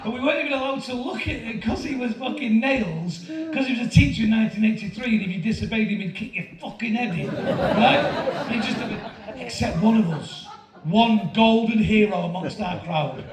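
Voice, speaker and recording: A man, telling a profane, animated stand-up story to a laughing audience. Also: extremely high pitch, a little fast. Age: 50s. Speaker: stand-up comedian. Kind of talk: stand-up routine. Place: large comedy venue with audience laughter. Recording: echoey venue recorded from far off with crowd.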